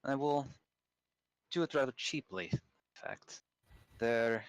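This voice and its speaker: A man's voice: medium pitch, clean tone, no echo, natural voice, low-quality recording. Strahd, a man voicing a brooding vampire lord. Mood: scheming. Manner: slow, formal, measured speech with a put-on accent. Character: brooding aristocratic vampire lord, male, older, imperious.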